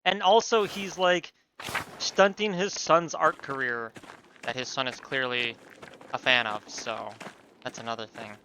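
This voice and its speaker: A man giving sweary, animated gameplay commentary with laughing asides. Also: medium pitch, measured pace, slight background noise. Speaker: let's play streamer.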